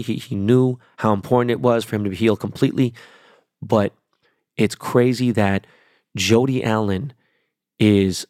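Man, lower register, rambling profane monologue, emphatic, dry close sound. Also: darkish tone, dry recording.

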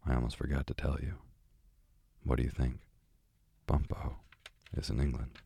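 Chatty old female parrot for a sleep storybook, read by a man in his own very deep, gravelly voice; calm and unhurried. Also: no room sound, clean studio sound, heavily acted. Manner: calm, slow bedtime reading. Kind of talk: bedtime story reading.

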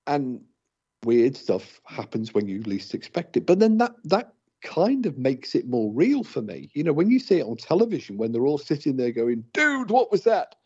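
A man's voice: mid-range voice, very animated, normal speed, mellow, breathy edge. A man co-hosting a paranormal radio talk show, speaking in a casual, hesitant way with many fillers and restarts. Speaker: paranormal investigator, co-host. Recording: dull lo-fi radio audio.

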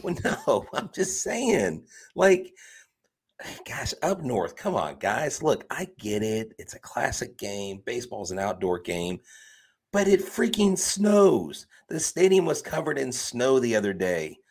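A man co-hosting a sports podcast in casual chat, animated and often laughing and teasing his co-host. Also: mid-range voice, a little slow, vocal fry, slightly rough.

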